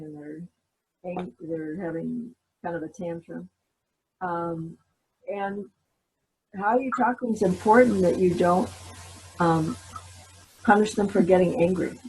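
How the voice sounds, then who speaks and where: A woman's voice: fairly low pitch, a little mellow, a little hiss or hum, low-quality recording. A woman therapist, a guest in an interview, earnestly explaining with everyday examples. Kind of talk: conversational interview.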